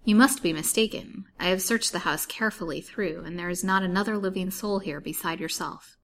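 A woman reading aloud in the voice of a courteous male detective, formal and measured. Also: lowish voice, fairly bright tone.

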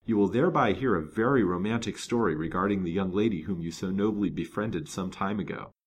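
A man's voice: deep voice, a little fast, a little hiss or hum, natural voice. A man reading a grave, gallant detective. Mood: kindly. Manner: grave, resolute. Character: determined, gallant male detective, kind but stern. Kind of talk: storybook reading.

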